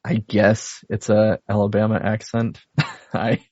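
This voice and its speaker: A man's voice: fairly low pitch, completely flat delivery, slow pace, a little mellow, dry recording. A man co-hosting a casual movie podcast, recapping the plot and laughing often. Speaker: podcast co-host. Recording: dull dry home recording.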